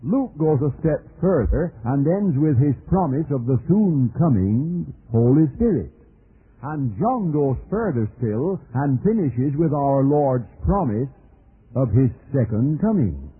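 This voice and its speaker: A man preaching a measured, emphatic sermon, phrasing each point deliberately. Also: medium pitch, very animated, slightly rough. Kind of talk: sermon lecture. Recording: tinny old lo-fi radio recording.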